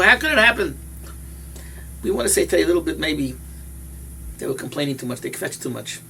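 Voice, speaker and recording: A man's voice: sits high, creaky, a bit bright, a little hiss or hum. A man, a rabbi and yeshiva head, giving a sermon as emphatic storytelling that repeats key phrases.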